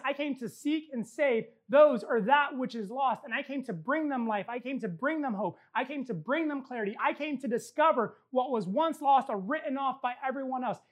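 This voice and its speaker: A woman delivers a sermon in a high, bright-pitched voice. She preaches with emphatic, rhythmic repetition, and slips in light joking asides between points. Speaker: pastor.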